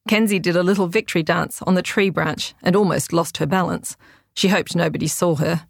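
Woman, storybook narration, lowish voice, dry close sound. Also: moderate pace, no echo. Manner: clear, steady storytelling. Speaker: author and narrator. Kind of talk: audiobook narration.

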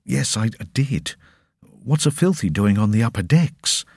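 A man reading an audiobook voices a young upper-class boy, indignant and curious, who asks pointed, demanding questions. He pitches the exaggerated voice above his own, medium in pitch, expressive, a little slow, gravelly, darkish and slightly rough. The clean studio recording has no room sound.

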